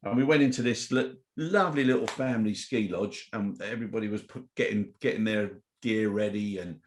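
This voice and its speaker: A man's voice: lowish voice, a little fast, a little hiss or hum. A middle-aged man co-hosting a casual chat show, reading out news and telling anecdotes in a chatty way. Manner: chatty, storytelling, reads news headlines aloud. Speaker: co-host of a weekly chat show.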